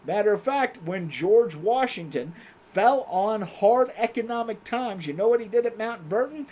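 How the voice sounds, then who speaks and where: A man hosting a livestream, telling history in a casual, profane, jokey way with mocking put-on quotes. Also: sits high. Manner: profane, animated, jokey storytelling with mock quotes. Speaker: livestream host.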